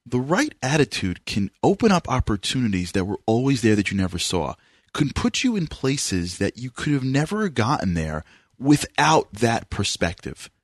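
A man from New York hosts a radio interview, speaking with a New York accent. His delivery is animated and emphatic, with a very lively swinging pitch. The sound is dry and close, with no room around it. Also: normal speed, no room sound. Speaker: radio show host.

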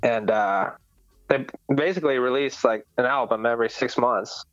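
A man's voice: mid-range voice, normal speed, a bit bright, no room sound, soft background music. A man hosting a podcast in casual chat, laid-back and rambling, full of fillers. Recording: dull lo-fi sound.

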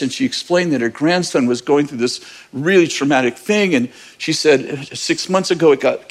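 A man's voice: mid-range voice, slightly rough. A man preaching as pastor, telling a personal story in a casual, candid way and laughing now and then. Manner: conversational, candid, with bursts of laughter. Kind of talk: sermon storytelling.

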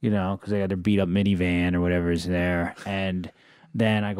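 A man in casual conversation, telling animated stories about his neighbors and acting out their lines. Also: low-pitched, fairly quick, clean tone, no echo, clean studio sound. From Los Angeles area. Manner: animated anecdotes, mimics neighbors. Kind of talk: casual storytelling chat.

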